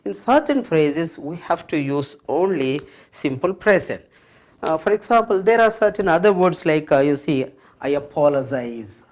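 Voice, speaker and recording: An English grammar teacher explaining a rule at the board, patiently repeating each phrase and example several times and pausing often with fillers. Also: mid-range voice, lively intonation, a little mellow. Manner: explains step by step with frequent fillers. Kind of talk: classroom grammar lesson at a board.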